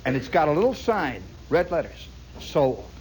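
Animated high-voiced male storyteller. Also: fairly quick, a little hiss or hum, poor audio. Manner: rambling, animated, full of asides. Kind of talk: spoken storytelling monologue.

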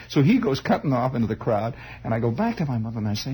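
A man telling a long personal story in a rambling, halting way, full of restarts and wry asides. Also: mid-range voice, sing-song, mellow, a little hiss or hum. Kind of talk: comic spoken storytelling.

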